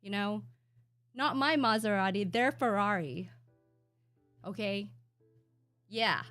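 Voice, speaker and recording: A woman's voice: sits high, heavily acted. A woman doing a mocking impression of a brash, swearing male trading guru who lectures viewers. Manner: loud, swearing, bossy. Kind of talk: mock impression on a livestream.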